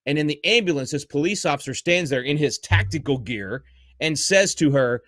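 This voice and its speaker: A man's voice: a little high, animated, moderate pace, fairly bright tone, dry recording. A man, a guest on a podcast interview, speaking fervently and emotionally, stumbling over words when upset. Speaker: guest, homeschool advocate.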